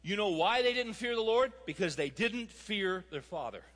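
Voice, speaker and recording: A man's voice: high-pitched, animated, normal speed, fairly bright tone, big-room sound. A man preaching a sermon with emphatic, fervent exhortation.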